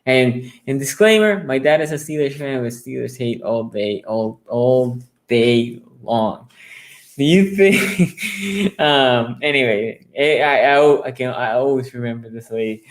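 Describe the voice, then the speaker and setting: A man hosting a casual sports talk show, reading viewer comments aloud and answering them. He rambles and restarts his sentences, then bursts into high, excited storytelling. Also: a little slow, few pauses. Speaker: sports talk show host taking callers.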